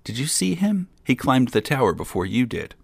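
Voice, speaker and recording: A man voicing a frantic, shrill village woman who accuses loudly in a raised voice. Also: very animated, moderate pace, gravelly, dry recording. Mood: worried.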